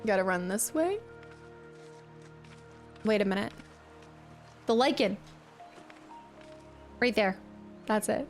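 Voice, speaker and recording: A woman streamer giving live gameplay commentary, excitable and laughing often. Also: mid-range voice, takes it slowly, long pauses, faint music behind. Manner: excitable, laughs often, breaks into play-voices.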